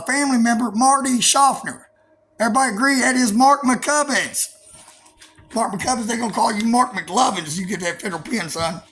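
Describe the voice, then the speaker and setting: A man with a drawl, talking high in his range, rants combatively to his viewers. His talk is profane and full of stammered fillers, with a faint hiss of noise behind him. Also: bright, forceful tone. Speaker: vlogger. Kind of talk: angry profane monologue to camera.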